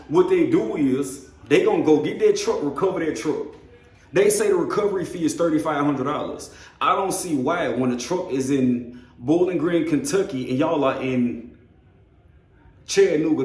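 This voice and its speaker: A man who drives trucks rants through a story in a blunt, profane, animated way. His voice sits a bit high for a man. The sound bounces around a roomy, echoey space. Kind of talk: casual storytelling rant.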